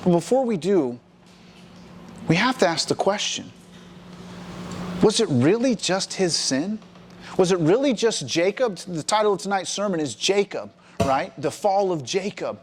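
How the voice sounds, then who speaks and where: Man, preacher, high voice, sermon storytelling, animated. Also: unhurried, long pauses, a little hiss or hum. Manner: animated storytelling, acting out the characters. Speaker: preacher at a college ministry. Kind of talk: sermon, retelling a scripture story.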